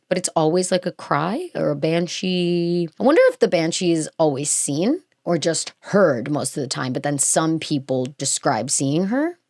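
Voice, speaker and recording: A woman podcast host reads a script aloud and keeps breaking into chatty, gushing asides packed with fillers. Her voice sits low and a little mellow, in studio quality with no echo.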